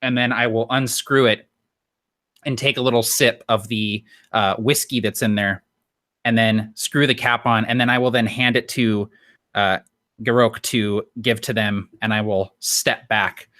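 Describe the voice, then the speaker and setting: A man playing a tabletop game, describing his character's actions in a measured way. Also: on the low side, steady tone, a bit bright, no room sound, clean studio sound. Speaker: player.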